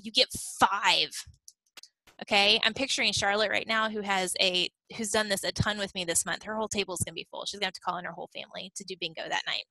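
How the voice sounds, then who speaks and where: A woman's voice: mid-range voice, bright, forceful tone, dry recording, low-quality recording. A woman leading a team meeting on a video call, upbeat and chatty, checking in often with "okay?". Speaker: team leader.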